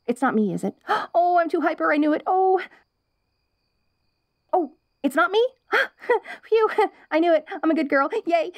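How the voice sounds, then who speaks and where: A woman's voice: high voice, no echo, heavily acted. A young woman voicing a perky, curious wolf girl in an ASMR role-play, bubbly and giggly with restless chatter.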